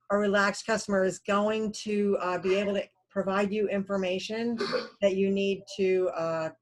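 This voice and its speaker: Conversational woman lecturing, many fillers. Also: mid-range voice. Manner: acts out callers in quoted asides. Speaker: computer science instructor. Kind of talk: recorded lecture.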